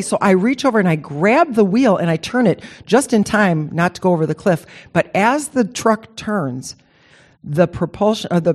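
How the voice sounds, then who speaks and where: Woman, rambling personal story, lively pitch swings, emotional, casual. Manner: animated, emotional, rambling with restarts. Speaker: speaker sharing a personal story.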